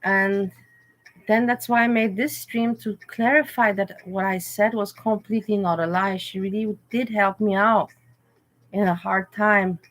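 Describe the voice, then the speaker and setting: A woman's voice: medium pitch, steady tone, a little slow. Candid, rambling woman streamer. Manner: candid, rambling, emotional storytelling. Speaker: livestream host. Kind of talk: casual livestream chat.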